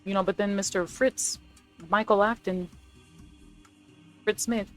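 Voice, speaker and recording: A young woman chatting casually as a video creator, rambling and excitable, correcting herself as she pitches ideas. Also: a little slow, soft background music. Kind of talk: casual chat, movie rewrite ideas.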